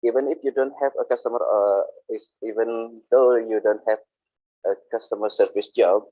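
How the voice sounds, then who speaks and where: A man teaching workplace English online, explaining slowly with frequent hesitations and repetitions. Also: lowish voice, fairly even intonation, warm tone, no echo. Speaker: English instructor. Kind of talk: online vocational English lesson. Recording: dull lo-fi sound.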